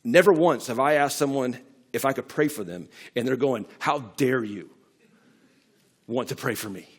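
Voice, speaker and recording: A man's voice: medium pitch, moderate pace, husky. A middle-aged man preaching a sermon in a church, talking conversationally with frequent restarts and building to emphatic peaks. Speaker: pastor. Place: church sanctuary.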